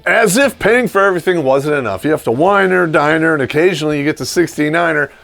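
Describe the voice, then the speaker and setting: A man's voice: on the high side, quick pace, gravelly, fairly bright tone, soft background music. A man hosting a video, delivering a crude, sarcastic comedic rant with laughing asides. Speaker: vlog host. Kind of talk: ranting comedic monologue.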